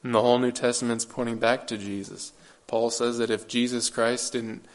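A man's voice: medium pitch, level tone, moderate pace. A man preaching a sermon, earnest and emphatic, repeating phrases and asking his listeners rhetorical questions.

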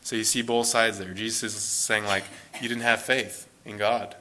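Low, flat-voiced man teaching Bible study. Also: normal speed, a little hiss or hum. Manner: loose, thinking aloud with many "like"s.

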